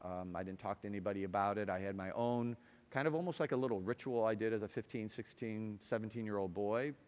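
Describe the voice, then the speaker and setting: A middle-aged man from Ohio telling a personal story to an audience, wry, moving between quiet reflection and lively, amused telling. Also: lowish voice, fast talker. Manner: wry, swings from hushed to lively. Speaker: speaker. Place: university hall. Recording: hall with long reverb.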